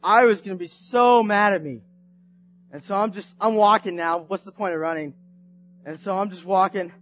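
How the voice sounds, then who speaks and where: A man preaching through a personal story, animated and swinging from hushed to shouting. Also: high voice, moderate pace, lo-fi sound, soft background music. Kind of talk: storytelling sermon.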